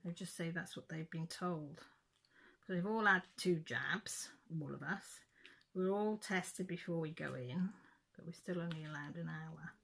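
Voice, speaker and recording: A woman's voice: low voice, unhurried, creaky, fairly bright tone. A middle-aged woman, chatting casually in a vlog and telling a story in a rambling way with frequent self-corrections. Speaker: craft vlogger.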